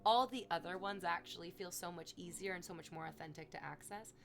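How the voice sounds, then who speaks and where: A young woman streaming, chatting casually with viewers in a rambling, self-mocking way. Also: brisk. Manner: rambling and self-mocking, bursts into high squealing excitement over gifted subs.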